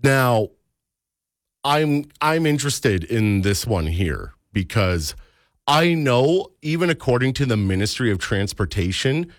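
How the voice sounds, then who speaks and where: A man's voice: mid-range voice, measured pace, no room sound, clean studio sound. A man hosting a casual afternoon radio show, playful and chatty. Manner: lively, playful, jumps into mock voices. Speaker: radio host.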